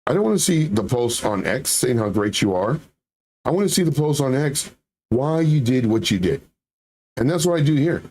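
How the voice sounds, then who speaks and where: Casual male stream host, mid pitch, sarcastic and full of rhetorical questions. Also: animated, moderate pace, darkish tone. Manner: sarcastic, rhetorical questions, reads chat aloud. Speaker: crypto trading livestream host. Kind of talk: casual livestream commentary.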